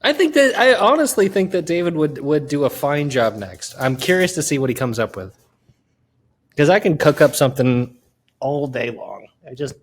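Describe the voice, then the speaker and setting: Hesitant young man, husky and lively. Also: fairly high pitch, moderate pace. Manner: hesitant, restarts often. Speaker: podcast co-host. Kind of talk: casual chat.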